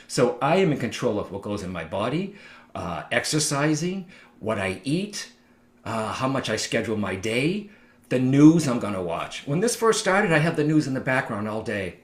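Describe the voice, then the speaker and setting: Chatty man talking in an echoey room. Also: medium pitch. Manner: chatty, repeats "all right?" to viewers. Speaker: psychic medium giving advice. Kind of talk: casual direct-to-camera talk.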